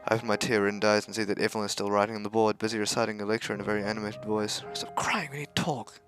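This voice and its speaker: A man reading a visual novel aloud, voicing its characters and tossing in quick asides. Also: on the low side, monotone, fairly bright tone, soft background music. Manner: reads dialogue aloud with quick asides and swearing. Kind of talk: playthrough narration with voiced characters.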